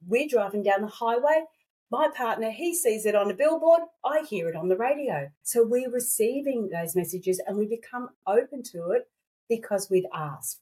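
A woman coaching on intuition in a conversational interview, talking lively and acting out her own quoted thoughts, with a slightly dry throat. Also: medium pitch, breathy edge. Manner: animated, acts out quoted thoughts, restarts often.

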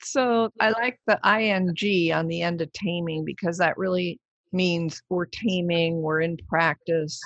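A woman hosting an interview, chatting in an enthusiastic, lively way. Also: on the low side, measured pace, no echo. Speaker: podcast host. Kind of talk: conversational interview. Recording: dry, dull lo-fi sound.

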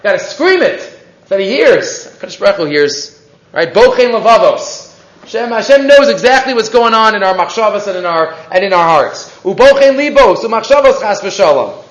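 A man giving a lively, questioning Torah lesson, dotted with Hebrew terms. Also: very high-pitched. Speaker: Torah teacher. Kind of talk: weekly Torah portion class. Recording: echoey, dull lo-fi room recording.

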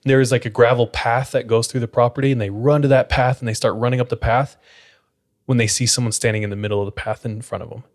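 A podcast host casually retells a spooky account, leaning heavily on "like" as a filler in his relaxed storytelling. His voice is medium-pitched and quick.

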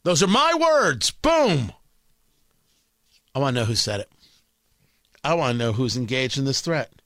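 A man's voice: mid-range voice, sing-song, unhurried, a bit bright, no echo. A man hosting a talk radio show, delivering a combative, emphatic monologue and repeating lines for punch.

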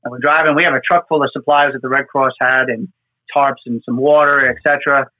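A man's voice: medium pitch, fairly even intonation, fast talker, no room sound. A man who works disaster response, telling stories from the field in an earnest, emotional way that often repeats words. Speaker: disaster responder with New York fire department team. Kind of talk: conversational storytelling. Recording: tinny phone-like line.

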